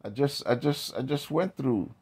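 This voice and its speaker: A man's voice: medium pitch, normal speed, a little mellow, slightly rough. A man vlogging in a rambling casual monologue, drifting into tangents and restarting his sentences.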